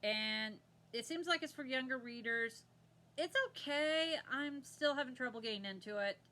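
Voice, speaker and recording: A woman with a high-pitched, sharp-toned voice talks at normal speed, hosting her own crafting podcast from home. She chats casually to the camera, rambling and laughing often.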